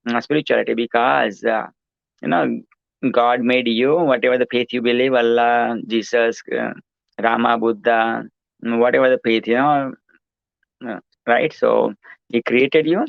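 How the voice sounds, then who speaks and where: A man's voice: medium pitch, fairly even intonation, a little slow, creaky, long pauses, dry recording, dull audio. A man hosting his own show, giving a rambling motivational monologue, repetitive and preachy, full of "you know" and "right".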